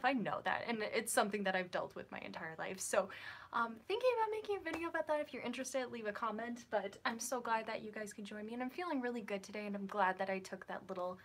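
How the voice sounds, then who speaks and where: Woman chatting on her live writing stream, lots of ums, reading comments out loud, mid pitch. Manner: chatty, many ums and restarts, reads out viewer comments. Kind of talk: casual live-stream chat.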